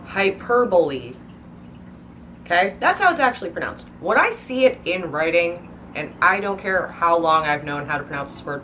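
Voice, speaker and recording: A woman book vlogger with a lowish voice that sounds pushed and bright rambles in a casual, playful, hyper way. She stretches out words and exaggerates their pronunciation, with slight background noise behind her.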